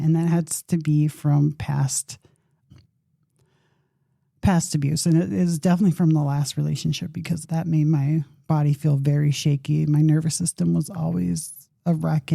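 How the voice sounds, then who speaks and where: Middle-aged woman podcast host with a husky, fry-heavy low voice; candid, rambling storyteller. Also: mellow, no room sound, studio quality. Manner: conversational, rambling, with self-deprecating humor.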